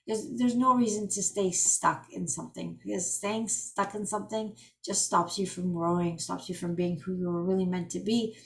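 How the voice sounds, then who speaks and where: Woman, forties, healing coach on a group call; chatty, animated storyteller who restarts sentences often. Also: mid-range voice, normal speed, gravelly, hardly any pauses. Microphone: video call.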